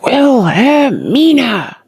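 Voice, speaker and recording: A narrator voicing an excitable, irritable wealthy older man who splutters his exclamations. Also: mid-range voice, measured pace, dry recording, studio quality. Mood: aghast.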